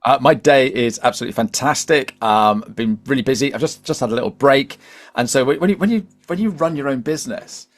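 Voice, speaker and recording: A man from Devon with a West Country English accent, chatting upbeat and easygoing as a podcast guest. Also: medium pitch. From Devon, England. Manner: chatty and upbeat, talks in quick bursts. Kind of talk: casual interview chat.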